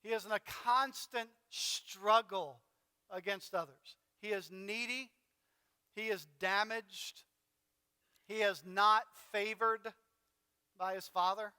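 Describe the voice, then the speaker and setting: A man's voice: sits high, fairly even intonation, slow, long pauses, bright, forceful tone, clear, resonant tone, long reverb tail. A man pastor preaching a sermon in a conversational way, dramatically retelling a story with fillers. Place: church sanctuary.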